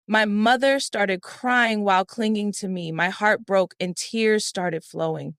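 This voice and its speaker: A woman narrates a first-person family drama with emotional, dramatic storytelling. Her voice sits at a middle pitch, and the recording is dry and close. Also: measured pace, vocal fry, a bit bright, no room sound.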